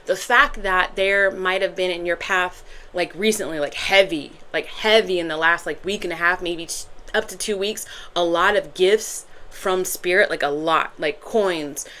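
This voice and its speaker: A woman's voice: fairly low pitch, moderate pace, sharp tone. A woman giving a casual, chatty tarot reading to her viewers, rambling with self-corrections and bursts of laughter. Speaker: tarot reader.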